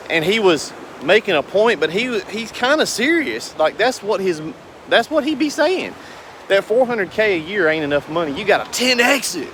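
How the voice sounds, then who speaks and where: This business owner vlogger's voice sits high and swings widely in pitch, moving at a moderate pace with a slightly bright tone. There's slight background noise as he talks casually to camera, rambling in an earnest, folksy manner to his viewers.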